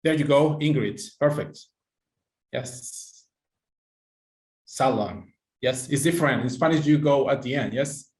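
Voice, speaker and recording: Male teacher running a live online pronunciation lesson, mid-pitched, encouraging, echoey room. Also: moderate pace, darkish tone. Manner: encouraging, praises students by name, non-native phrasing.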